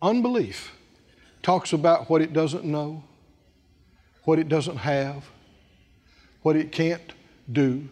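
A man's voice: on the high side, slow, long pauses, darkish tone. A male preacher delivering a dramatic sermon, acting out scripture scenes and hammering his points with repetition. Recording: long hall reverb.

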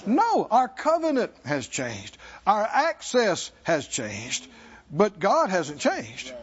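A man preaching a sermon, asking the congregation for responses and slowing down to stress key words. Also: high-pitched, wildly swooping pitch, muffled recording. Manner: call-and-response preaching, slows for emphasis. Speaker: pastor.

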